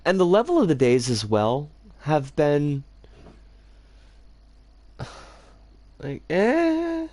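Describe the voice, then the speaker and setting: A woman's voice: deep voice, very animated, slow, long pauses, darkish tone, no echo. A woman streaming a game, chatting in a rambling, casual way and breaking into frustrated outbursts. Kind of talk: casual live-stream commentary while playing.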